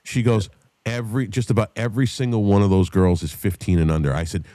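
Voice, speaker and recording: Brief: man, low-ish voice, foul-mouthed animated storyteller, dry close mic. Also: fast, dry recording. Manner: profane, animated storyteller who shouts when quoting others. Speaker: podcast host. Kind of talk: casual storytelling chat.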